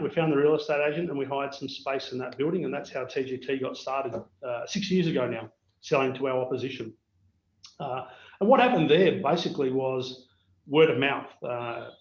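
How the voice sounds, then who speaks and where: A middle-aged Australian man, a business owner, telling animated anecdotes to peers on a video call. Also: medium pitch. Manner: anecdotal, animated storyteller acting out dialogue. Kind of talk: storytelling keynote on a video call. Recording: roomy, dull video-call audio.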